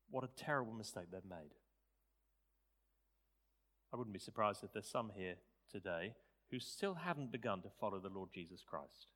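Animated preacher in a reverberant hall. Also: male voice, fairly low pitch. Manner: animated, rising to loud emphatic peaks. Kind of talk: sermon. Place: church.

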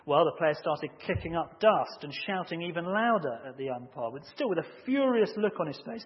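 A man preaching a sermon, measured and emphatic, rising to loud shouts when acting out a story. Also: a little high, lively intonation. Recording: muffled audio with long hall reverb.

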